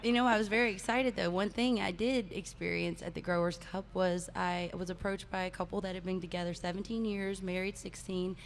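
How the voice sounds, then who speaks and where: A woman's voice: fairly low pitch, fairly quick, vocal fry, few pauses, a little hiss or hum. A woman talking casually and animatedly outdoors, laughing often between stories. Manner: animated, laughing, chanting cheers. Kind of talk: casual chat.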